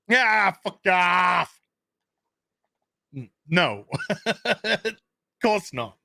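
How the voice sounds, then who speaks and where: Male host, profane sarcastic rant, slow unhurried delivery with bright tone. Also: high-pitched, no echo, clean studio sound. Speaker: show host. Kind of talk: casual ranting commentary. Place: home kitchen.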